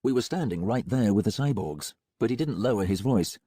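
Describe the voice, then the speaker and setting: A man narrating a first-person audiobook in a grim, measured way. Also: lowish voice, expressive, dark tone, slightly rough, no echo, studio quality.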